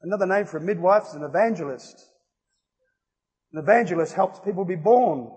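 A man preaching an evangelistic sermon, emphatic and rising to loud exclamations. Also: sits high, a little fast, breathy edge. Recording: reverberant hall.

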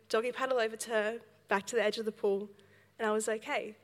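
A young woman giving a sermon, telling a story in a lively way with laughs and acted quotes. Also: fairly high pitch, a little fast, in a large hall. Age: young adult. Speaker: speaker at a church service.

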